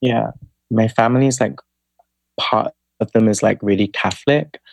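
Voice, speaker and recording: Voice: medium pitch, steady tone, normal speed, vocal fry, no room sound. Young adult chatty podcast guest. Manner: chatty, fills speech with "like", acts out quoted friends. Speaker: podcast guest, spoken word poet. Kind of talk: casual storytelling interview.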